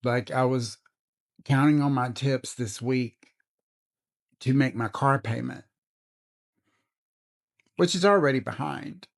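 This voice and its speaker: A frustrated man rants straight to camera. His voice has a gravelly, creaky grain, and he sounds angry and drained. He swears freely as he vents. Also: medium pitch, takes it slowly, pauses often. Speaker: vlogger. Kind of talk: venting to camera.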